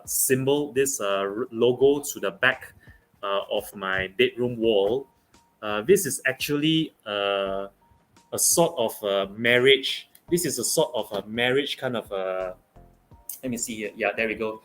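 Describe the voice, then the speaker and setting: A young man from Malaysia, talking football as a guest on a casual online show, pausing often with fillers and restarts. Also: on the low side, a bit bright, faint music behind. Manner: halting, many fillers and restarts. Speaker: guest pundit.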